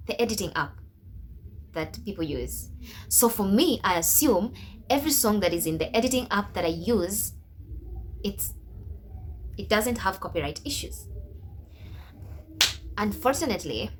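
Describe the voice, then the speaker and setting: A woman's voice: medium pitch, a little hiss or hum. A young adult woman vlogger telling a story to camera in a casual, emphatic way, with religious exclamations.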